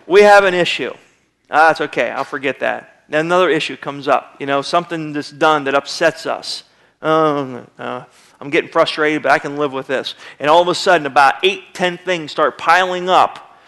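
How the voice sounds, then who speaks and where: High-voiced pastor preaching conversationally. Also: male voice, moderate pace, fairly bright tone. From United States. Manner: conversational preaching, acts out little quoted voices. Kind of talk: sermon. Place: church sanctuary.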